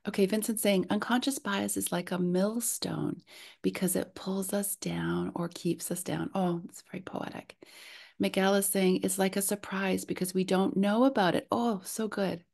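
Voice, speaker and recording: A woman hosting a webinar over a video call, soft-spoken and gently enthusiastic as she reads out participants' comments. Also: medium pitch, fairly even intonation, normal speed, creaky. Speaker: host.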